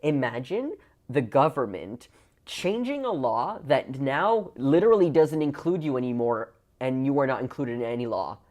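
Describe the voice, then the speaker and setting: A woman's voice: rumbling low, expressive, normal speed, darkish tone. A woman vlogger ranting to her camera, impassioned and full of "like" fillers. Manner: impassioned, heavy use of "like" fillers. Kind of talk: emotional video rant.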